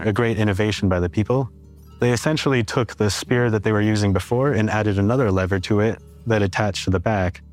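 Lowish guy talking through how old hunting tools worked, calm explainer vibe. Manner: steady, explanatory, uses "and so". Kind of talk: interview explanation.

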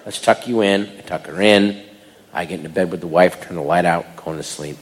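A man doing stand-up, telling a family story and switching into loud voices for the people in it. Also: low voice, fairly quick, big-room sound. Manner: animated, breaks into loud voices for others. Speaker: stand-up comedian.

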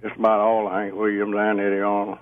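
A man from Georgia calling into a radio show, speaking in a slow, friendly, down-home way. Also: lowish voice, monotone, dry recording. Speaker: caller. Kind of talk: phone-in chat. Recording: muffled phone line.

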